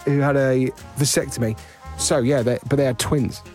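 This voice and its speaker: A man co-hosting a podcast in casual chat, jokey and quick to laugh. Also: mid-range voice, steady tone, darkish tone, faint music behind. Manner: chatty, laughs often, jokey. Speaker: podcast co-host.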